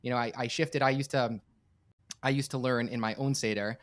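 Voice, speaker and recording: Man, rabbi as podcast guest, fast talker, earnest and emphatic, restarts his words. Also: mid-range voice, steady tone. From United States. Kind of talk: heartfelt podcast storytelling.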